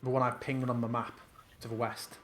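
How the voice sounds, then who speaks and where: A man's voice: medium pitch, little pitch movement, brisk. A man narrating as game master of an online tabletop game, describing the action loosely with fillers.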